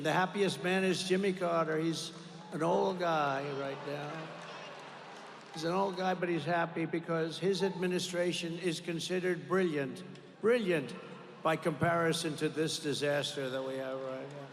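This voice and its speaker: A man's voice: fairly high pitch, fairly even intonation, normal speed, a little hiss or hum. Older man giving a rambling rally speech. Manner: repetitive, boastful, rambling asides. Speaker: political rally speaker. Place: large arena. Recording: echoey arena with long reverb.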